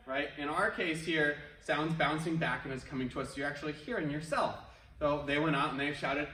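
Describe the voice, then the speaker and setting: A man's voice: on the high side, a little fast, bright, forceful tone. A male martial arts instructor, coaching an online class in an upbeat, encouraging way. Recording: echoey room, mic at a distance.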